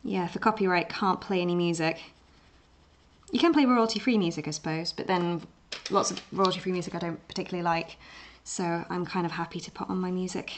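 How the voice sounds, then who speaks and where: A woman's voice: on the low side, fairly even intonation, fairly quick, a little hiss or hum. A young English woman with an Essex-tinged accent, chatting casually at home while she draws on a live stream, rambling with fillers and restarts. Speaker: livestream art host. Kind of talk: casual chat while drawing.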